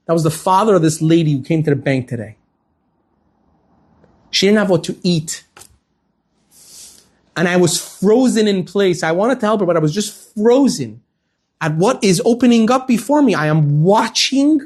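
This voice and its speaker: Brief: rabbi telling a story, husky mid-pitch voice, animated delivery. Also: male voice, moderate pace. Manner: animated storyteller acting out dialogue. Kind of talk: storytelling lecture.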